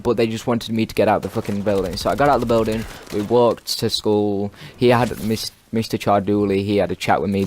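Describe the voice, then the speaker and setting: A man's voice: fairly low pitch, a little hiss or hum. A teenage boy, telling a long rambling story over gameplay and swearing constantly. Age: teens. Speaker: gaming video commentator.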